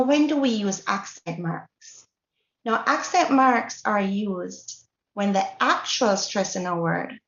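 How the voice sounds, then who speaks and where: A woman with a Jamaican accent teaching a Spanish lesson, explaining each point and checking in with the class. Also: medium pitch. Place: classroom or workshop hall. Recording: roomy, dull lo-fi recording.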